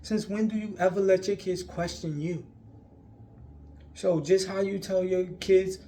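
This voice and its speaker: A man's voice: sits high, measured pace, creaky, a little mellow. Earnest man urging faith. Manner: earnest and pleading, repeats himself, laughs often. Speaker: faith vlogger. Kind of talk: casual spiritual encouragement to camera.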